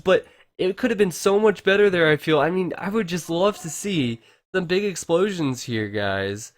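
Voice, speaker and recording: A man giving casual, excitable commentary on a strategy game match, chatting to his viewers. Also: fairly high pitch, moderate pace. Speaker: game caster.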